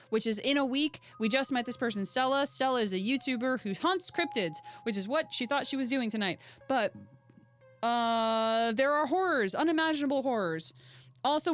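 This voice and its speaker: A woman's voice: on the high side, fairly bright tone. Bubbly young woman streamer. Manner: bubbly, chatty, joking. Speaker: streamer playing a game. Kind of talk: casual let's-play commentary.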